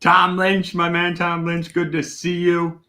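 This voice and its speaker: A man hosting a casual whiskey tasting livestream, talking loudly, greeting viewers and laughing often. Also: high voice, a little slow. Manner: loud and animated, laughs often. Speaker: host of a whiskey tasting stream.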